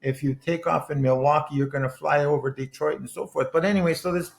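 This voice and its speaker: Gravelly older man in his eighties. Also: fairly high pitch, fairly even intonation, quick pace. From Wisconsin. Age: 80s. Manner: earnest, restarts sentences, loose storytelling. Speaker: guest, author and former politician. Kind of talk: conversational podcast interview with anecdotes.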